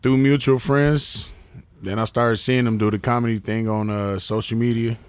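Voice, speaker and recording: A male podcast guest in casual chat, relaxed and easygoing, with a lot of slang. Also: medium pitch, moderate pace, smooth, no echo.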